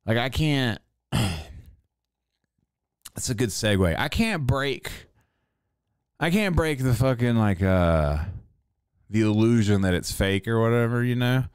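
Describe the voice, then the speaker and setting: A man's voice: medium pitch, animated, slow, pauses often, clear, resonant tone, no echo, clean studio sound. A man in his forties telling rambling, profane stories in casual chat. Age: 40s. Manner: profane, rambling storytelling with laughs.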